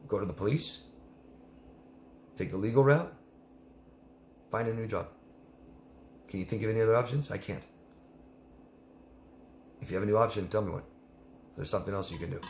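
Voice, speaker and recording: A man's voice: on the low side, moderate pace, pauses often, darkish tone, echoey room, slight background noise. A man coaching a listener in a live Q&A, blunt and emphatic, repeating her name as he gives advice. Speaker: life coach.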